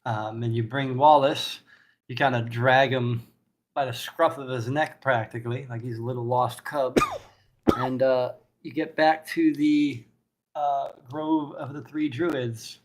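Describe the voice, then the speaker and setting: A man's voice: mid-range voice, steady tone, unhurried. A man narrating a tabletop game as game master, casual and a bit hesitant.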